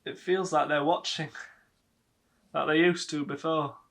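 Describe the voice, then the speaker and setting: A man's voice: a little high, steady tone, unhurried, vocal fry, fairly bright tone. A man playing a fussy son, dry and pedantic. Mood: uneasy. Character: fussy, pedantic middle-aged son living with his mother. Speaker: actor playing a grown son. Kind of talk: filmed stage monologue.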